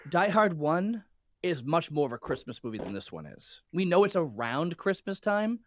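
A man's voice: fairly high pitch, big pitch swings, moderate pace, slight background noise. A man co-hosting a podcast, chatting casually about a movie in a jokey, questioning way. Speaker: podcast co-host. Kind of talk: casual movie review chat.

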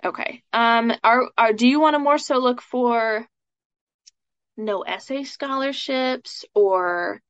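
A woman's voice: a little high, takes it slowly, a bit bright, clean tone, no room sound. Chatty woman coach, dull dry sound. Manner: chatty, fills speech with "like" and "um". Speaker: scholarship coach. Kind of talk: live coaching session, casual chat.

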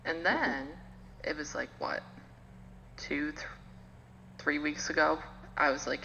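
A woman's voice: low-pitched, slow pace, vocal fry, long pauses, sharp tone. A woman co-hosting a podcast in casual chat, blunt and jokey, laughing often, on a lo-fi recording with reverb. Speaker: podcast co-host. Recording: lo-fi with hall reverb, faint hum.

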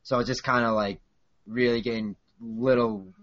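A man's voice: mid-range voice, steady tone, moderate pace, fairly bright tone, highs cut off. A man in his late twenties with a Boston accent, a guest in casual podcast chat, rambling with lots of fillers. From South Korea. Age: 20s. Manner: rambling, filler-heavy storytelling.

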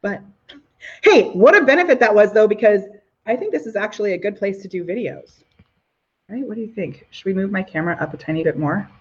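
A woman's voice: medium pitch, expressive, brisk, husky. A bubbly woman hosts a casual live stream from her living room, gushing and exclaiming as she chats with viewers. Her voice sits in a middle register, and the sound is a little dull and lo-fi. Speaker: host of a live business video show.

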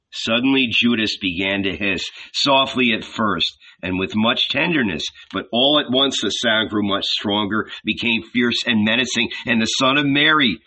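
A man reading a novel aloud as narrator, in a measured, dramatic storytelling manner. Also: medium pitch, pushed and bright, husky. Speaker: audiobook narrator. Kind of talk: scripted narration.

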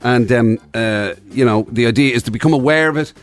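A man's voice: mid-range voice, fairly quick. An Irish man co-hosting a morning radio show, chatting casually and reading out listener messages. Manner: relaxed, reads out listener messages. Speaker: radio co-host.

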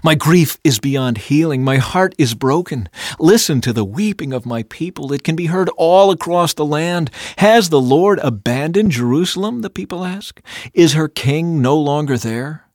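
A man reading scripture aloud in a measured, solemn and dramatic narration. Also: fairly high pitch, lively intonation, no echo, clean studio sound. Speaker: scripture reader.

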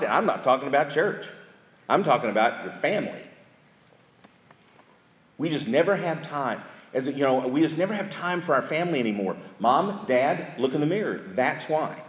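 A man, speaking at a church marriage seminar in a folksy, storytelling manner with emphatic repetition, recorded in an echoey hall. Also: mid-range voice. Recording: echoey hall with live audience.

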